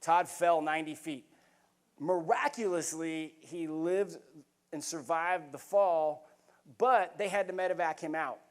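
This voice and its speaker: Middle-aged male keynote speaker, fairly high voice, animated storyteller. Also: unhurried. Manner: vivid, animated storytelling with bursts of laughter. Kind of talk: storytelling talk to a live audience.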